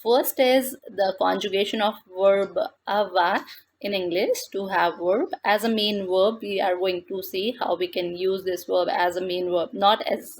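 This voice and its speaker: Woman teaching French slowly, gravelly voice. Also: medium pitch, a little hiss or hum. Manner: slow and deliberate, repeats words in French then English. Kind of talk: explaining a textbook lesson.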